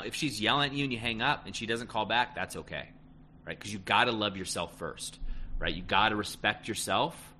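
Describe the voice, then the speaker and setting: A man's voice: fairly low pitch, sharp tone, slight background noise. Emphatic man giving blunt relationship advice. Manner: emphatic, repeats "right?" and "end of story". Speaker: relationship coach answering listener questions. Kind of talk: casual advice talk.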